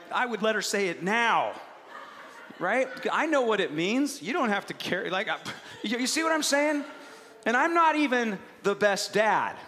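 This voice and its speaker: Animated high-voiced man preaching in a hall. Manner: animated, acts out voices, swings between hushed and shouting. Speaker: pastor. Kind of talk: sermon.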